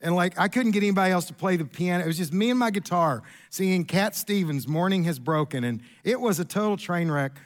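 A middle-aged man preaching a sermon in a church, an animated storyteller who jumps his pitch up for quoted lines. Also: a little fast, hardly any pauses. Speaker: pastor. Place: church sanctuary.

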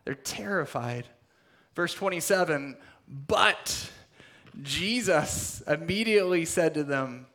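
Preacher man with dramatic hushed drops. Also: on the high side, expressive, takes it slowly. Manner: dramatic, swings between loud emphasis and hushed near-whispers. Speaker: pastor. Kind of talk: sermon.

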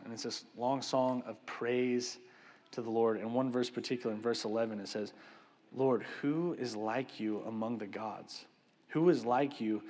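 A man preaching a sermon in a conversational, animated way, often tagging his sentences with "right?" and "man.". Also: mid-range voice, in a large hall. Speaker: pastor. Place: church sanctuary.

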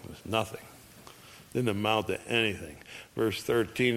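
A man's voice: lowish voice, a bit bright. A man preaching a sermon, reading scripture and acting out the people in the story with emphasis. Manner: slow, emphatic, acts out quoted voices.

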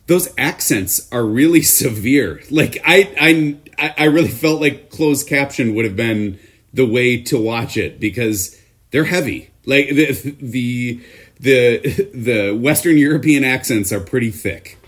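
A man's voice: mid-range voice, husky. Podcast co-host, man with a mid-range voice, easygoing, repeats words, laughs a lot. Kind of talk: casual movie review chat.

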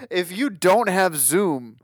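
Male podcast host, slightly high pitch, swearing, self-deprecating, casual banter. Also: big pitch swings, extremely slow. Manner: profane, joking, self-mocking. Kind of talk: casual chat.

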